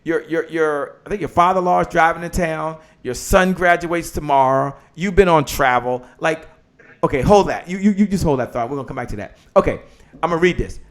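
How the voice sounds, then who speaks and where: An energetic man hosting a live motivational show, with a voice pitched a little high for a man. He talks like a preacher and pulls the audience into call-and-response. His delivery stays lively and rousing. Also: a little fast. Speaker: host. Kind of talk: live-stream motivational talk.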